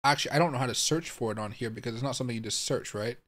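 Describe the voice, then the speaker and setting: A young man hosting a late-night live stream, talking to himself and his viewers in puzzled, muttered bursts. He swears often and keeps asking what is going on. His voice sits at a middling pitch. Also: very fast, fairly bright tone. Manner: baffled, thinking aloud, swearing, talking to viewers. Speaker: crypto livestream host. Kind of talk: live-streamed casual commentary.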